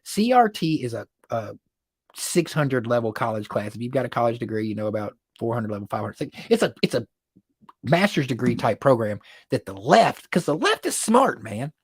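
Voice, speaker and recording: Guy on a livestream, mid-pitched voice, gets all worked up and keeps restarting his words, dry mic. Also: normal speed, slightly rough, no echo. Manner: animated, excitable storytelling with frequent laughs. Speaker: livestream host. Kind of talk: casual livestream chat.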